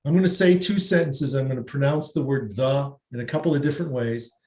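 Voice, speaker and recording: A middle-aged man, a psychologist, explaining reading and language in an animated way and sounding out examples. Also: mid-range voice, fast. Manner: animated explainer, demonstrates pronunciations aloud. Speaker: psychologist guest. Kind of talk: explanatory discussion. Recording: roomy echo.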